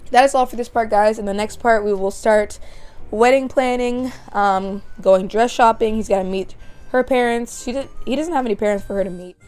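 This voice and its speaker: A woman's voice: fairly high pitch, normal speed, a little mellow. A young woman hosting a gaming channel, chatting through a let's play with frequent giggles and asides. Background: faint background music.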